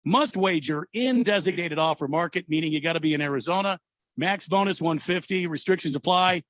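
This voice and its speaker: A man hosting a sports radio show, chatting casually and reading ads with many halting fillers. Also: fairly high pitch, fairly bright tone, slight background noise. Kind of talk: casual radio talk with live ad reads. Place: radio studio. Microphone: studio mic.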